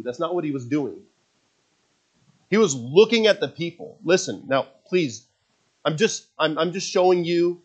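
A man preaching a sermon as pastor, swinging between loud emphatic passages and quiet, confiding asides. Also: on the high side, animated, a little slow.

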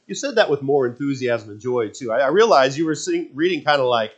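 A man's voice: medium pitch, expressive, fast. A man preaching a sermon to a congregation, leading them in reading scripture aloud, with earnest fervent passages and self-deprecating asides. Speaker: pastor.

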